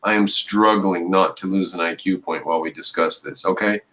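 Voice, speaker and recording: A man with a lowish voice rants his way through a reaction commentary. He stops the clip to pick it apart with exasperated, mocking scorn. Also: fairly even intonation, normal speed, sharp tone, rough recording.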